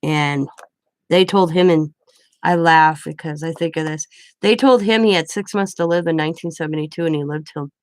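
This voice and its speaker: A woman's voice: deep voice, normal speed, no room sound. A woman in her forties, a craft channel host, telling a rambling family story in casual chat. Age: 40s.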